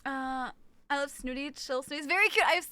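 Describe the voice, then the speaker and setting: A woman's voice: high-pitched, moderate pace, sharp tone, no room sound. A woman streamer chatting casually with her viewers, playful and teasing as she reads their messages aloud.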